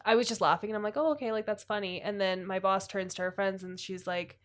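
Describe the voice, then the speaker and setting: A woman's voice: medium pitch, level tone, brisk. Chatty woman telling a story in podcast talk. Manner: conversational storytelling, heavy on fillers like "like". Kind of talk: casual podcast chat.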